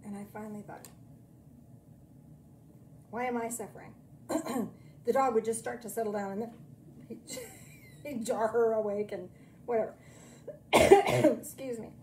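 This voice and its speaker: Mellow-voiced woman preaching gently. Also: fairly high pitch, a little hiss or hum. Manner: chatty, self-deprecating storytelling; slow, soothing meditation guidance. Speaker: minister. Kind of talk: sermon and guided meditation.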